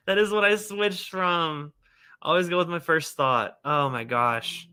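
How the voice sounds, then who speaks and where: A man hosting a casual whiskey livestream, animated and scolding himself with frequent exclamations. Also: fairly high pitch, slow pace, clean tone.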